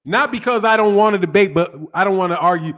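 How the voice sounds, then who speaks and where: Man, Chicago accent, fairly high voice, slangy relaxed live-stream host, greets chat. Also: quick pace. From Chicago, North Side. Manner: loose slangy talk, greets chat by name. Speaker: boxing channel host.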